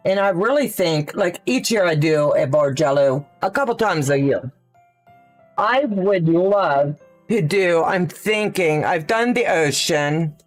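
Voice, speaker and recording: Slow, chatty woman quilting live. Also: fairly low pitch, lively intonation, soft background music. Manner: chatty, thinks aloud with fillers, answers viewer questions. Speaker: quilting livestream host. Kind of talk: casual live sewing demonstration.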